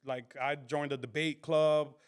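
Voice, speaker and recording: A man with a Dominican accent, speaking lively and animated in a casual podcast chat and mixing English with Spanish. His voice sits a little high for a man and is smooth and resonant. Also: unhurried. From Dominican Republic. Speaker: comedian guest.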